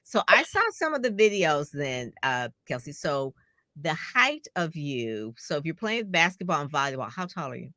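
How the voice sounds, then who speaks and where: A woman's voice: low-pitched, big pitch swings, normal speed, sharp tone, no room sound, studio quality. A woman hosting a casual interview, asking questions in a rambling, conversational way as she searches for words. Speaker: interview host.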